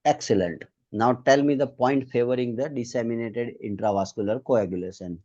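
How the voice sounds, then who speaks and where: A man's voice: mid-range voice, moderate pace, mellow, muffled recording. A man with an Indian accent running an online medical exam quiz, patiently drilling students one point at a time.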